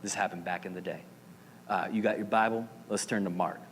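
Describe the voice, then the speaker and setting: Male pastor, sermon, animated, dramatic, playful asides, long reverb, slight background noise. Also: low voice, fairly quick. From Arizona. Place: church sanctuary. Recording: reverberant hall with faint noise.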